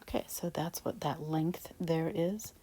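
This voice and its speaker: A woman teaching a math lesson, talking softly and half-whispered with a breathy voice while she writes. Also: low-pitched, a little slow, a little hiss or hum, rough recording. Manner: soft, half-whispered explaining while writing. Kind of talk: recorded math lecture.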